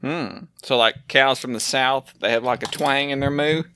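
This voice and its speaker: A man's voice: mid-range voice, moderate pace, sharp tone, slight background noise. A man co-hosting a podcast, joking and teasing through casual banter and laughing often. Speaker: podcast co-host.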